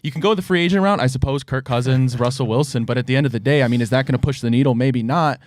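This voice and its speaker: A man giving football analysis on a live panel, firing off rhetorical questions. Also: mid-range voice. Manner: rapid-fire, rhetorical questions. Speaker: sports analyst. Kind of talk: live sports talk panel.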